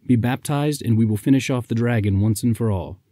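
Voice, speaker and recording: A man voicing a calm, devout knight who speaks in a measured, reassuring way. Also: medium pitch, no room sound, studio quality, close to an everyday voice. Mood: proclaiming.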